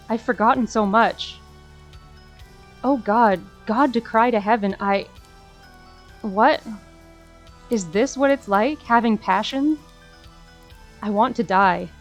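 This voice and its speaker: A woman voices an unhinged female demon who has been trapped for centuries. She is bitter and tormented, with dramatic lurches from despair to shouted curses. Soft game music plays underneath. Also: mid-range voice. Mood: anguished. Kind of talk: reading a visual novel aloud.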